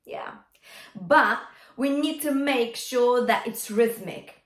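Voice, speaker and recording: A woman's voice: on the high side, takes it slowly. A woman teaching a singing lesson as a vocal coach, encouraging and singing example phrases. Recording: roomy and a bit distant from the mic.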